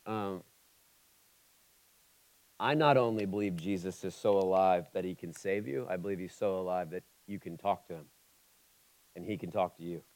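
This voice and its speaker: Ohio-raised pastor, emphatic and conversational. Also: male voice, sits low, moderate pace, pauses often, low-quality recording. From Ohio, USA. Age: 40s. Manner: emphatic, swinging from loud urgent peaks to quiet intimate asides; conversational and humorous between scripture readings. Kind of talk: sermon.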